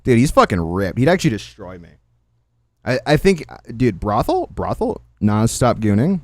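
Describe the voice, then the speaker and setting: Animated mocking male streamer. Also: mid-range voice, moderate pace, dry recording. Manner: mocking, laughing, profane banter. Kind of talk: casual reaction stream commentary.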